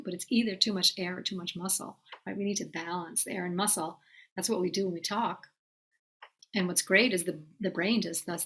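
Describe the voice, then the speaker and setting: A woman teaching singing in a calm, explanatory way, addressing her students directly. Her speaking voice sits at an ordinary middle pitch. She breaks off here and there to sing short demonstrations. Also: breathy edge.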